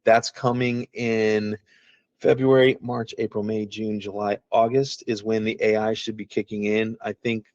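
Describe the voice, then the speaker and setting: Low-voiced rambling man on a call. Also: flat delivery, a little slow, darkish tone, no echo, highs cut off. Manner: rambling, folksy, self-interrupting. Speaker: app founder. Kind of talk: casual screen-share walkthrough.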